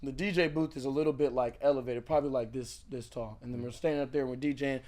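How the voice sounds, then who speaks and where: A young man, a podcast guest, telling stories in casual chat, animated and laughing as he acts out the people in them. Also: mid-range voice, fast talker. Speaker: podcast guest, actor and singer. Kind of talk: casual storytelling.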